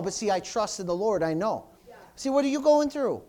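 A man pastor preaching a sermon, building to loud, fervent surges and then dropping low and quiet. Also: fairly quick.

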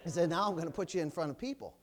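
A male pastor preaching a loud, fiery sermon in church, punctuated with hallelujahs. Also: a little high, racing.

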